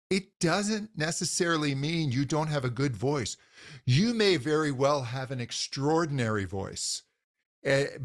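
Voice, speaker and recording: Guest voice teacher, male, mid-pitched, earnest, loose conversational delivery. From grew up in a Scottish household. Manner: earnest, enthusiastic, many fillers and restarts. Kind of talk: casual interview talk.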